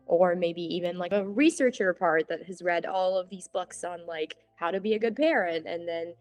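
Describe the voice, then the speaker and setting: A woman's voice: fairly low pitch, normal speed, hardly any pauses, darkish tone. A woman therapist in a panel discussion, thinking aloud about examples.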